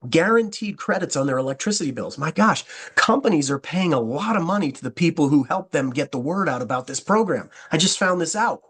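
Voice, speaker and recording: An energetic man gives his team a pep talk on recruiting. He acts out both sides of sample phone calls in a lively way. His voice sits a little high for a man. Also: fairly quick, few pauses, husky. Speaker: network marketing trainer. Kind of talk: coaching talk with sample scripts.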